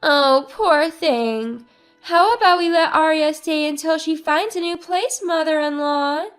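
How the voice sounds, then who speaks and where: Brief: haughty entitled young mom, read by a high-voiced woman, slow and prim, storybook telling. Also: fairly bright tone, soft background music. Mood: mock pity.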